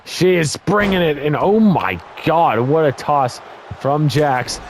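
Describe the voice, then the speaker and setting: A young man giving casual play-by-play commentary on a wrestling video game, excitable, blurting exclamations and correcting his own slips, his voice a little worn. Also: a little high, slow pace, slight background noise. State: voice getting worn from talking.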